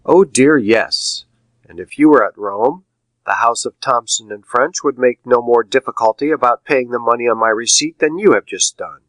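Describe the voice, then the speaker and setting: A man voicing a cool, ironic wealthy male count who speaks politely and measuredly, gently mocking. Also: mid-range voice, moderate pace, dry recording, close to an everyday voice. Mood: composed.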